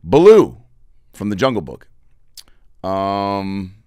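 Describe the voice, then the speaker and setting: A man hosting a comedy podcast, telling crude stories in an animated, rambling monologue full of tangents. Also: low voice, brisk.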